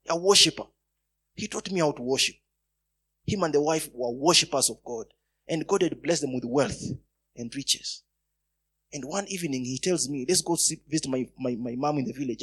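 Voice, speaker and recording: Guy preaching, husky voice, kinda high for a man, tells stories then gets loud. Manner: storytelling, rising to emphatic bursts. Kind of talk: sermon with personal stories.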